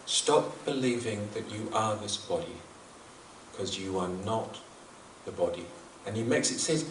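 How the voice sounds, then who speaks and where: A man's voice: lowish voice, lively intonation, unhurried. Earnest man speaking in an echoey hall. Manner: earnest, thoughtful, with frequent restarts and repeated phrases. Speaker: speaker at a devotional gathering. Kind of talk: reflective spiritual talk. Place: large hall at a celebration. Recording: echoey hall, voice from far off, faint noise.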